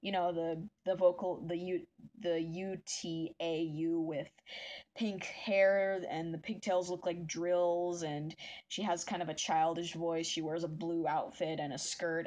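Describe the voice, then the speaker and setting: A woman's voice: lowish voice, a little mellow. A woman vlogger chatting casually while she draws. She rambles and uses many fillers. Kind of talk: casual chat while drawing.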